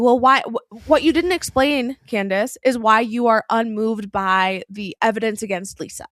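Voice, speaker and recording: A woman co-hosts a podcast in a casual chat, and her opinions come out blunt and heated, with frequent swearing. Her voice sits fairly high. She is recorded dry and close. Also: normal speed, few pauses, a bit bright, dry recording. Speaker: podcast co-host.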